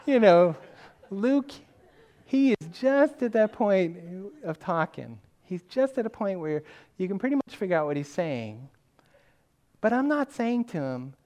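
A man's voice: high-pitched, sing-song, slow, pauses often, dark tone. Older man preaching conversationally. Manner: conversational storytelling, self-deprecating humor. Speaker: pastor. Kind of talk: sermon.

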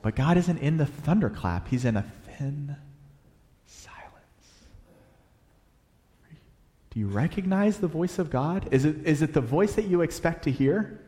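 A man preaching a sermon, animated, swinging between loud emphasis and hushed, quiet passages. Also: fairly high pitch, moderate pace. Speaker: pastor. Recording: long hall reverb.

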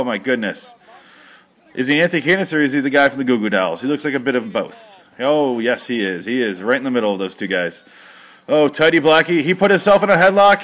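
A young man giving rambling, excitable mock wrestling commentary as a comedy bit, breaking into sudden shouted bursts. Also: mid-range voice.

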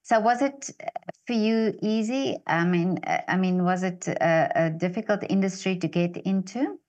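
A woman from South Africa interviewing a guest in casual talk, halting with many restarts. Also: medium pitch, darkish tone, dull audio.

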